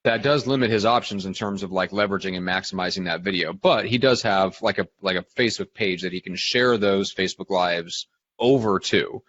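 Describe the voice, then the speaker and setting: A man's voice: low-pitched, a little fast, fairly bright tone, dull audio, slight background noise. A man co-hosting a casual podcast who teases dryly and steers the talk. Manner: dry teasing, steers the talk. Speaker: podcast co-host. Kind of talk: casual chat.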